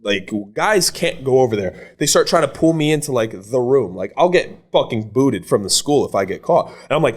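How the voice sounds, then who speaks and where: A man in his twenties, a podcast guest, telling a story in an animated, casual way, swearing freely and acting out what others said. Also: mid-range voice, normal speed, few pauses. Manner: animated, swears freely, acts out quoted voices.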